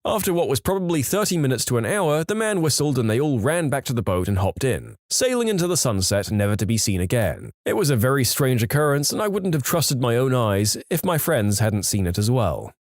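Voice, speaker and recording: A man reading out a series of short anecdotes in a lively storytelling manner. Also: brisk, hardly any pauses, dry recording. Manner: lively storytelling, varied pitch. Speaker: narrator. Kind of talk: reading stories aloud.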